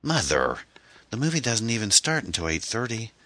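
A man's voice: on the low side, sing-song, normal speed, bright, forceful tone, dry recording, voice pushed up, full character voice. Man reading as a sulky teen girl, whiny, teasing, audiobook, dry booth sound. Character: teenage girl, sulky and pouting.

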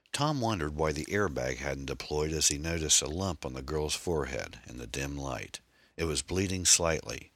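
Very deep-voiced male narrator. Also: slightly rough, dry recording. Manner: steady, measured. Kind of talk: scripted audiobook narration.

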